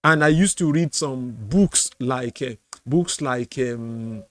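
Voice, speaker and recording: A middle-aged Nigerian man with a Yoruba accent hosts a screen-share language lesson, explaining slowly, repeating words and singing tone syllables. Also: medium pitch, no room sound. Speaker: apologetics channel host.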